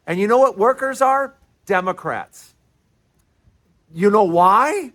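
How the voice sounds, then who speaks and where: A man's voice: high-pitched, very animated, slow pace, long pauses, a bit bright. A man hosting his own show, delivering an emphatic, repetitive political monologue as if lecturing his listeners. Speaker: host.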